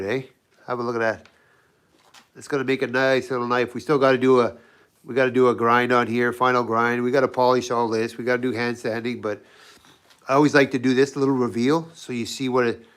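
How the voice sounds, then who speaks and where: A man's voice: mid-range voice, fairly bright tone, clear, resonant tone. A man with a scratchy voice from a cold, talking loosely through his knife work in a home workshop livestream. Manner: loose, rambling, often restarts sentences. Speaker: knifemaker and channel host. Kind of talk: casual workshop livestream demo.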